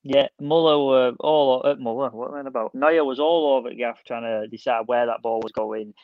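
A man's voice: mid-range voice, no echo. A man telling stories eagerly in a casual football podcast chat, often restarting his sentences. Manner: excitable storyteller, quick restarts. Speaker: podcast co-host. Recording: dull dry sound.

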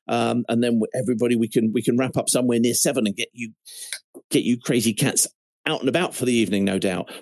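A man's voice: medium pitch, a little mellow. A man hosts a casual fan call-in show, reeling off listener comments with dry, wry remarks. His voice sits in a middle register, and the sound is dry and close with no room echo. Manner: wry, chatty, self-interrupting, reads comments aloud with dry asides. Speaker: fan podcast host reading listener messages. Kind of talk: casual chat.

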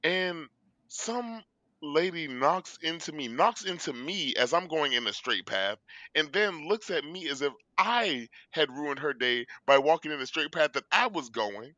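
Bright, lively Southern man. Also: a little high, a little slow, no room sound, muffled recording. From American South. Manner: laughs often, slangy and expressive. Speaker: podcast co-host. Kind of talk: casual chat.

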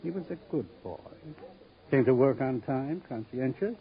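An actor playing a smooth, menacing gambling boss who mocks a detective, in 1950s radio drama acting. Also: male voice, medium pitch, lively intonation, moderate pace. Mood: mocking. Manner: silky, mocking, theatrical. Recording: dull old radio recording.

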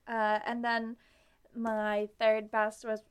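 Brief: young female podcast co-host, a touch high-pitched, teasing, playful chat. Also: monotone, slow pace, clear, resonant tone. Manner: teasing, giggly, does silly voices. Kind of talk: casual book-club chat.

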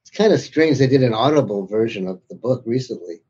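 Man, author guest, husky voice, mellow tone, dull lo-fi sound, anecdotal. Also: medium pitch, lively intonation, brisk. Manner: anecdotal, amused, storytelling. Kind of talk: casual interview chat.

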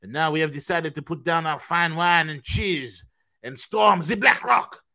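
A man's voice: a little high, a little slow, vocal fry, bright, forceful tone, full character voice. A man putting on an exaggerated fake French accent to play a fed-up Frenchman, complaining theatrically. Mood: mock outrage. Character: mock-indignant Frenchman fed up with austerity.

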